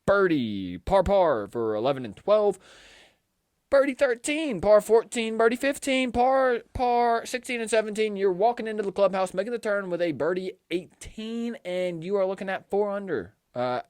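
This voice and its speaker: A young man talks golf in a loose, chatty way on a sports podcast, laughing easily with his co-host. His voice sits a little high, and it is recorded close and dry. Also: animated, normal speed, a little mellow, clear, resonant tone, no room sound. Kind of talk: casual sports chat.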